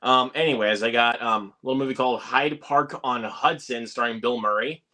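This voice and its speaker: Guy with a bright, sharp voice, kinda stumbly, casual movie talk. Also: mid-range voice, steady tone. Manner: hesitant, halting.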